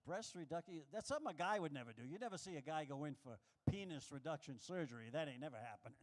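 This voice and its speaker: A man's voice: a little high, animated, quick pace. A man from New York doing a brash, self-mocking stand-up comedy set in a live showroom.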